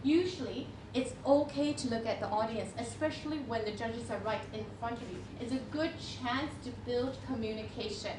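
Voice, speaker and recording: A woman's voice: on the high side, moderate pace, few pauses. A woman workshop trainer coaching students on presentation skills, speaking without a microphone and checking in with a frequent "okay?". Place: classroom or hall. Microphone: no microphone, speaking unamplified. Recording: echoey room with faint noise.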